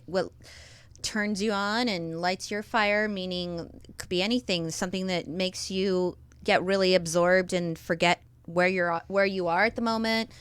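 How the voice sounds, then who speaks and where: A woman's voice: fairly low pitch, clean tone, dry recording. A woman in a casual podcast chat, wry and blunt.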